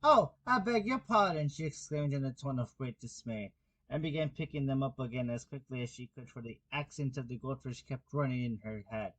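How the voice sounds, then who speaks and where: A man's voice: mid-range voice, fairly even intonation, fairly quick, darkish tone. A man narrating an amateur audiobook, reading plainly and unhurriedly, with small slips and restarts. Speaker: audiobook reader.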